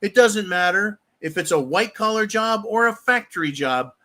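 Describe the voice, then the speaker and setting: An American livestream host rants bluntly and profanely in a rambling, casual way, reading viewer messages aloud during his live show. His high voice is expressive, bright, and forceful, at a normal speed.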